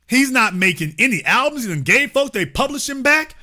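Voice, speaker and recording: A man's voice: very high voice, expressive, a little fast, few pauses, pushed and bright. A man hosting an impassioned commentary show, speaking emphatically and repeating phrases for effect. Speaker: host.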